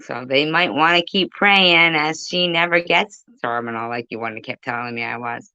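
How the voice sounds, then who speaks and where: A woman's voice: low-pitched, expressive, normal speed, few pauses, sharp tone, smooth, dry recording, dull audio. A woman ranting profanely and confrontationally on a phone livestream, rambling and chatting with her viewers. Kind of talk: livestream rant.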